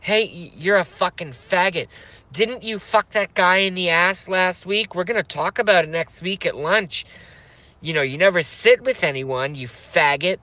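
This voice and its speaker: A man's voice: high-pitched, normal speed, bright, forceful tone, no room sound, pitched above the performer's own voice. A man mimicking a jeering teenage girl bully. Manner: taunting, mocking, sing-song laughter.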